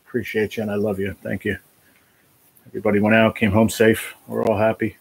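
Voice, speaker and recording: A man's voice: on the low side, flat delivery, fairly quick, gravelly, breathy edge. A man hosting a casual live stream from a basement room, chatting in a laid-back, rambling way and calling his viewers man and bro.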